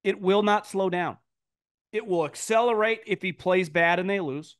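Podcast host, male, slightly high voice, blunt opinionated mailbag commentary with lots of restarts. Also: normal speed, no room sound, studio quality. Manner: blunt, emphatic, mocking quoted voices in a high pitch; frequent restarts and stammered repeats. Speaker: podcast host answering listener mail.

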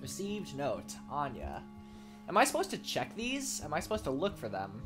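A man's voice: on the high side, wildly swooping pitch, normal speed, music in the background. Joking, rambling young gamer guy. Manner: rambling and joking, swears and laughs often. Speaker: let's play host. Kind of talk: casual gameplay commentary.

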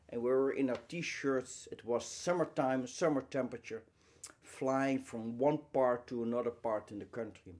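A man giving an inspirational lecture, emphatic and full of rhetorical questions, speaking in short phrases with pauses and repeating key words. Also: medium pitch, darkish tone.

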